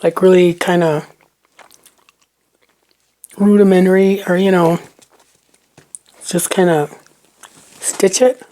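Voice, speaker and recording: A woman's voice: fairly low pitch, fairly even intonation, slow pace, pauses often, mellow. A woman vlogging as she makes fabric tags, chatting casually and half-whispering to herself while chewing. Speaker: crafting vlogger. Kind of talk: casual crafting chat.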